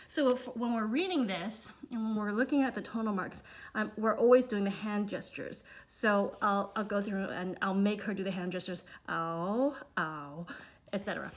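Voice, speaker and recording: A woman reviewing children's learning books for her child, talking in a relaxed way with frequent fillers and demonstrating sounds. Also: mid-range voice, a little fast. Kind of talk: casual instructional review.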